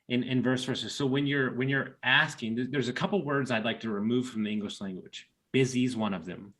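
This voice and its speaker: A man's voice: medium pitch, fairly even intonation, brisk, few pauses, a bit bright. A man hosting a podcast, talking bluntly and emphatically and swearing casually. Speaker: podcast host. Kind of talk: casual interview chat.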